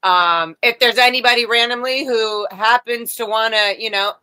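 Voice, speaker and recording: A woman's voice: on the high side, moderate pace, sharp tone, clean tone. A woman hosting a casual video chat, rambling and chatty with many fillers and restarts. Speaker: livestream host. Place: home, on a video call.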